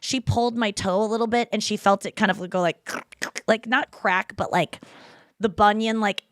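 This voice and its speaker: A woman hosting a podcast in casual chat, telling stories with lively acted-out voices. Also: medium pitch, normal speed, no room sound, studio quality. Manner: animated storytelling, acts out voices. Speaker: podcast host.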